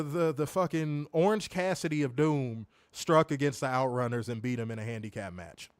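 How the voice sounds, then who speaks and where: A man co-hosting a wrestling review stream, answering viewer comments in casual, animated chat. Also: on the high side, no echo, studio quality. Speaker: wrestling show co-host.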